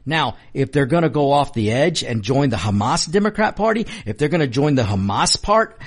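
A man's voice: medium pitch, very animated, moderate pace, breathy edge. A man hosting a political talk show, delivering an emphatic, repetitive commentary monologue and addressing his listeners as folks.

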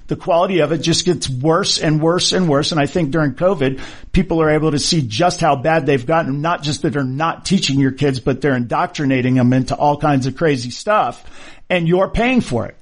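A middle-aged man talks in a loose, conversational way, making a case with rhetorical questions. His voice sits a little higher than most men's. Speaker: orthopedic surgeon. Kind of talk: casual monologue.

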